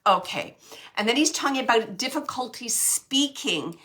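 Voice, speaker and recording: A woman giving a live mediumship reading, halting and searching, with many fillers as she relays messages. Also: fairly high pitch, lively intonation, pushed and bright. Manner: relays spirit messages to the sitters.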